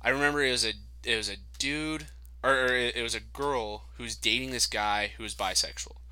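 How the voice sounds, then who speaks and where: Young adult male co-host, bright tone, swears freely, acts out quotes in chat. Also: medium pitch, steady tone, a little fast, clean tone, rough recording. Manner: profane storytelling, acts out quotes. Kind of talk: casual chat.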